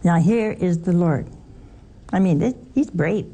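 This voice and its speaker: A woman leads a scripture lesson at an unhurried pace, her voice gravelly with fry. She keeps asking her listeners rhetorical questions and acts out the quoted lines. Her tone is dark and mellow. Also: lowish voice. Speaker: Bible study teacher. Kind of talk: conversational scripture teaching.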